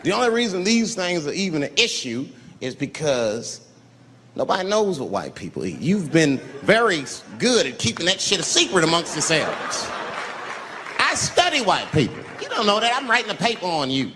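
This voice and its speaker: A male comedian with a fairly high, lively voice swaggers through a profane routine. It swings from loud bursts to near-whispers. His voice fills a large venue with a long echo over clearly audible crowd noise. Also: moderate pace. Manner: profane, swaggering, jumps between loud and quiet. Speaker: stand-up comedian. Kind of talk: stand-up comedy storytelling. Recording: live stage with long reverb and audience noise.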